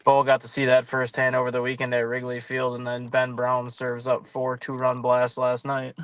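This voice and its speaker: A man's voice: mid-range voice, completely flat delivery, normal speed, a bit bright, clean tone, no room sound. A man co-hosting a sports talk stream, telling ballpark stories with wry, self-deprecating humor. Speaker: sports show co-host. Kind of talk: casual sports chat.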